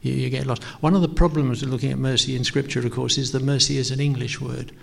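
A man's voice: medium pitch, fairly even intonation, quick pace, creaky. A middle-aged man preaching a sermon in a casual, hesitant way, full of ums and self-deprecating asides. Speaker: pastor. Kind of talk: conversational sermon. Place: church. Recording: long reverb of a church hall.

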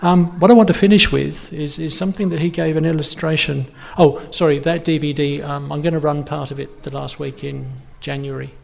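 A man's voice: fairly high pitch, level tone, fairly quick, vocal fry, few pauses. A man preaching a sermon to his congregation in a conversational, rambling way with many fillers and restarts, his nose running. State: runny nose. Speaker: pastor.

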